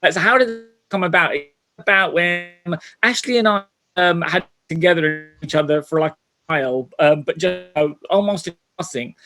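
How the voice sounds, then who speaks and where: A man's voice: on the high side, normal speed, pushed and bright. A man speaking as a panellist on an online call, in an informal, slightly flustered way.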